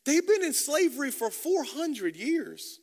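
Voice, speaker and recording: A man's voice: very high-pitched, big pitch swings, a little slow, a little mellow, big-room sound. A man preaching a sermon as a pastor, passionate and repeating words as he builds his points.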